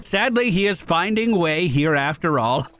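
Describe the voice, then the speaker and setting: A man's voice: fairly high pitch, lively intonation, moderate pace, fairly bright tone. A man voicing an earnest male flea caravan leader who tells tales in broken grammar. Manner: broken grammar, storytelling, folksy.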